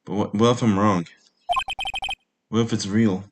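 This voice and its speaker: A man's voice: on the low side, steady tone, very noisy, lightly acted. Man doing Edgeworth, haunted confessing prosecutor. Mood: troubled. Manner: halting, troubled storytelling. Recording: loud game music behind.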